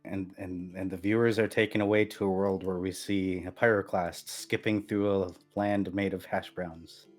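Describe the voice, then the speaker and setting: A man's voice: low voice, level tone, moderate pace, hardly any pauses, soft background music. A man narrating a tabletop role-play game with playful descriptions. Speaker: storyteller.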